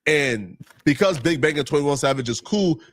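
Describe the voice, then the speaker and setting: A man's voice: on the high side, lively intonation, normal speed, no room sound. A man explaining something casually in a reaction stream, stressing key words. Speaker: commentator.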